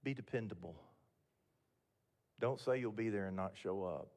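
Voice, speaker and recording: This older guest speaker's voice sits on the low side and sounds a little mellow, moving at a moderate pace. He tells homespun, candid stories to mentors in a motivational talk, frequently starting his sentences over. Long reverb from the event hall hangs on the recording.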